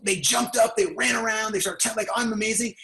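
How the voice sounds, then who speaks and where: A man hosting a motivational conversation, talking in an energetic coaching tone. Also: sits high, fast talker, roomy sound, rough recording. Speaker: podcast host.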